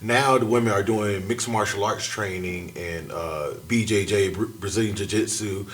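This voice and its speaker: A man chatting as a guest on a talk show, animated and laughing often. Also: lowish voice, normal speed. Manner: animated, laughs often, jumps between thoughts. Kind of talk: casual chat.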